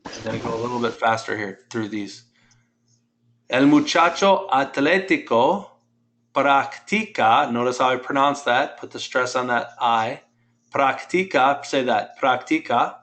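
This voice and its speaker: A man's voice: mid-range voice, normal speed, a bit bright. A man teaching a Spanish class, patiently explaining grammar step by step and quizzing his students.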